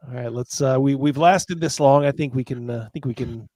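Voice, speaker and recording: A man's voice: medium pitch, a little fast, a little mellow, no room sound. Male host, casual and laughing, close dry mic. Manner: laughs often, reads viewer messages aloud. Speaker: show host. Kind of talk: casual livestream chat.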